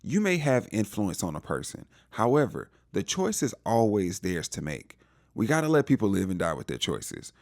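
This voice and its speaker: A man with a lowish voice recaps a TV episode in casual, animated talk. His intonation swings widely as he jumps into little impressions of each character. The sound is dry and close, with no room around it. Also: normal speed, no room sound. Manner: animated, acts out characters' lines in playful voices. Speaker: TV recap reviewer.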